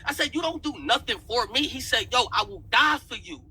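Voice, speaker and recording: A man's voice: very high-pitched, lively intonation, a little fast, pushed and bright, breathy edge, rough recording. A man heatedly retelling an argument, repeating "I said" as he goes. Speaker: battle rap league owner. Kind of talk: heated storytelling in an interview.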